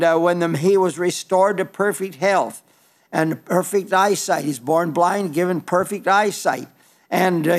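An older man delivers a sermon in a high-pitched voice. He halts and restarts often, leaning on fillers, then slows and rises for quoted scripture. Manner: halting, with frequent restarts and fillers. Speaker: preacher.

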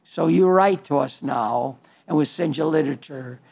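A man preaching a sermon, earnest, with halting restarts and emphatic quoting of scripture. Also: fairly high pitch, vocal fry, a little mellow.

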